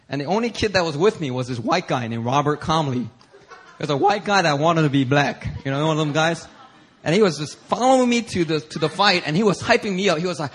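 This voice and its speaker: A man pastor preaching a sermon through an animated story, acting out voices and bursting into shouts. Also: on the high side, fast talker, slightly rough.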